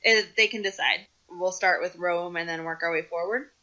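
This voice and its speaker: Wry, bright-voiced American woman. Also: lowish voice, moderate pace, highs cut off. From United States. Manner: wry and teasing, steers the talk. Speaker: podcast co-host. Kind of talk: casual chat.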